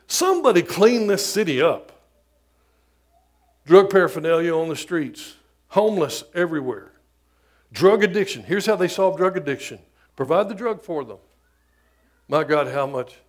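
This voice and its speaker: A middle-aged man preaching a sermon as pastor, emphatic, moving between loud declarations and quiet asides. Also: high voice.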